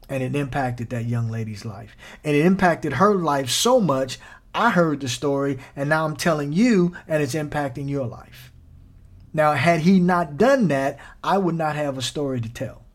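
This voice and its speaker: A man hosting a sermon podcast, preaching in an animated, folksy way and talking straight to his listeners. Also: medium pitch.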